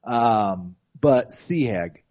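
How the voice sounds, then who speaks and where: A man appearing as a regular guest on a fantasy football podcast, talking quickly and eagerly. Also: mid-range voice, expressive, a little mellow, highs cut off. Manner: enthusiastic, quick, talkative. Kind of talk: casual podcast chat. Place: hotel.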